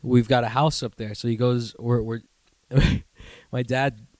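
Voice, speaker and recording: A man's voice: medium pitch, little pitch movement, a little slow, darkish tone, no room sound. A young man from the New York area hosting a podcast, telling a rambling, profane story in casual chat and laughing as he goes. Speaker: podcast host.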